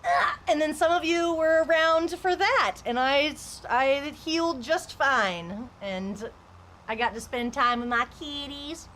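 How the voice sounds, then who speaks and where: A woman's voice: sits high, measured pace, fairly bright tone, slight background noise. A young adult woman chatting casually on a game stream, rambling and candid, with lots of "like". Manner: rambling, candid, heavy use of "like". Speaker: live streamer. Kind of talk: casual stream chat while gaming.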